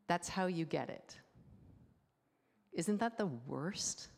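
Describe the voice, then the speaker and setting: Low-voiced woman preaching in a reverberant hall. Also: slow, gravelly, slight background noise. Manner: lively, many rhetorical questions, quiet guided breathing. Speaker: pastor. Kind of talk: conversational sermon. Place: church.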